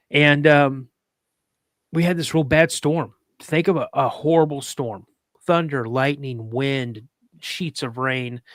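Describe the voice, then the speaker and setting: A man's voice: medium pitch, a bit bright, no echo, clean studio sound. A man, a podcast guest, telling a story in casual chat, rambling with restarts and fillers and acting out other people's lines in a raised voice.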